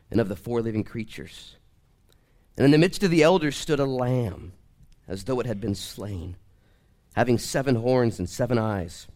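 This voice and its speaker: A man preaching a church sermon, swinging from quiet, slow reading to near shouting, choking up with emotion as he reads scripture aloud. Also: fairly low pitch. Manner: emotional, close to tears while reading scripture. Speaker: pastor.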